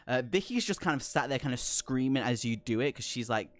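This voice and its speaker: A man's voice: medium pitch, animated, a little fast, fairly bright tone. A man narrating a tabletop horror game as game master, describing scenes with lots of filler words.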